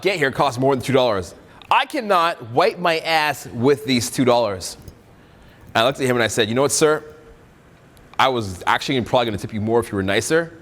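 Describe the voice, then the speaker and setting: A young man giving a live seminar on dating and self-improvement to an audience, animated and direct, acting out quotes in funny voices. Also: medium pitch. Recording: hall reverb from a seminar room.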